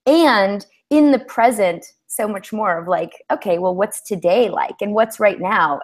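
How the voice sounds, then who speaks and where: Reflective woman host, gently affirming. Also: medium pitch, measured pace, few pauses. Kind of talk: reflective coaching conversation.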